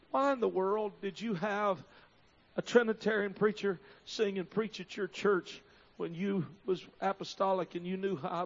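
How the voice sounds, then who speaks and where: A man in his fifties preaching a sermon at a church service, telling stories and building up to shouted climaxes. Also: sits high. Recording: dull lo-fi recording.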